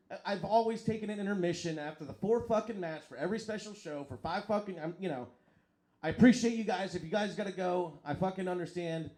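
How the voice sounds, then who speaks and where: A man hosting a live stream and commentating wrestling in an excitable, profane way that hollers at the action. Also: high-pitched. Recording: crowd noise and music behind.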